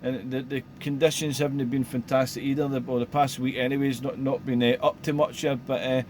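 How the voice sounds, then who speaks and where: A man, chatting casually over CB radio, relaxed and rambling with lots of radio jargon. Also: medium pitch, fairly quick. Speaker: CB radio operator. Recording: faint background noise.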